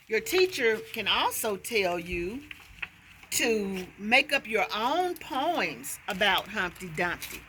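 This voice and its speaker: A woman teacher walks parents through a reading lesson at a slow, careful pace. She sounds out words one by one and keeps checking in with "okay." A faint hiss of noise sits behind her voice. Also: mid-range voice, bright, forceful tone.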